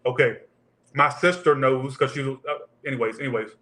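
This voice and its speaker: A man's voice: medium pitch, fairly even intonation, brisk, echoey room, background noise. A man giving a casual tarot reading, rambling off into profane tangents. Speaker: tarot reader.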